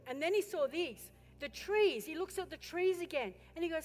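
A woman pastor preaching a sermon with passion, building to loud exhortation and turning to the congregation with chatty questions and asides. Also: high voice, expressive, normal speed. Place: church. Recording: echoey hall with faint music.

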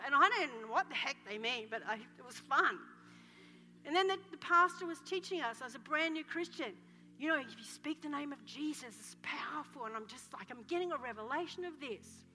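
A woman pastor delivers a fervent sermon, her voice high and bright. She tells her stories with drama and sometimes breaks into joyful shouts. The sound carries a long hall reverb, with faint music behind her. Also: expressive, moderate pace. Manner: passionate, dramatic storytelling with shouts. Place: church hall.

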